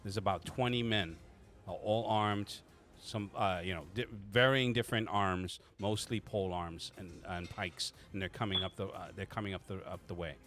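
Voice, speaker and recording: A man's voice: low-pitched, steady tone, moderate pace, a bit bright. A man running a tabletop game as game master, casual and teasing, rambling with frequent restarts.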